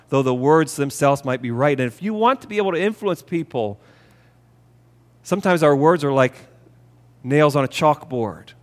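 A man preaching a sermon as a pastor, speaking earnestly and repeating key phrases for emphasis. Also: medium pitch. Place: church sanctuary. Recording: long reverb of a church hall. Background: hall reverb.

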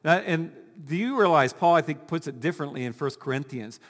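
Animated pastor in a reverberant church. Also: male voice, a little high, a little fast. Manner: animated, rhetorical questions, talks with the congregation. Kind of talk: sermon. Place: church sanctuary.

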